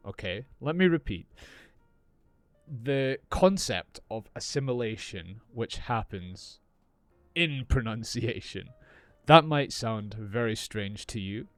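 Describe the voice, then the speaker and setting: A man teaching English in an unscripted podcast, explaining slowly and clearly as he improvises. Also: on the low side, no room sound.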